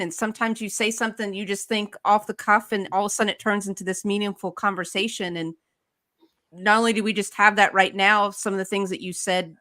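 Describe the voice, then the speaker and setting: A woman's voice: mid-range voice, sharp tone. A woman hosting a live video podcast. She talks in an upbeat, chatty way as she introduces and questions her guest. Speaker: podcast host.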